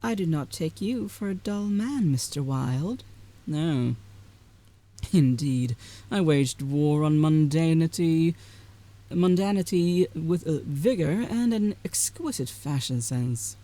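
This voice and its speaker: A woman's voice: low voice, animated, slow pace, mellow. A woman voicing the flamboyant, witty ghost of an Irish male writer, reading game dialogue in a theatrical, grandiloquent manner with an Irish accent. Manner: theatrical, grandiloquent, dry wit.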